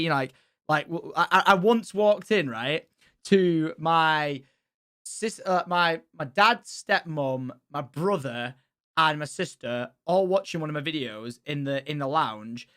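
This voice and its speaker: A young man chats on a stream in a lively, rowdy way, swearing and laughing as he goes. His voice sits a little high and sounds bright and forceful. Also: normal speed. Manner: animated, swears freely, laughs often. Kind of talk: casual stream chat.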